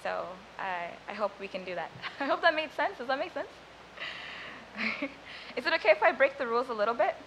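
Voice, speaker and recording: A woman's voice: high-pitched, expressive, fairly quick, long pauses, fairly bright tone, a little hiss or hum, poor audio. A young woman from Sudan whose first language is Arabic, performing spoken word poetry live and chatting casually between poems. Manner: chatty and self-deprecating between poems, rhythmic when reciting.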